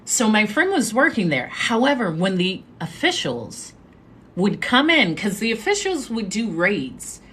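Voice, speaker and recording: A woman hosting a live stream, telling a story in a chatty, animated way and making asides to her viewers. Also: medium pitch, measured pace, husky. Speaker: livestream host.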